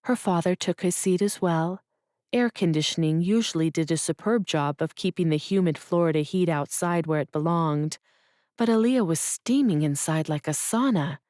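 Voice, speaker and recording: A woman reading a romance audiobook in a measured, expressive way on a close studio mic. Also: lowish voice, dry recording. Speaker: audiobook narrator. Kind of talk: scripted romance narration.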